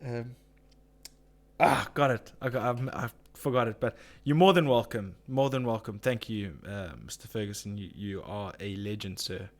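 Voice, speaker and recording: A man's voice: lowish voice, normal speed. A man hosting a casual live chat, ranting with swearing and reading out viewer comments. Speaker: live-stream host.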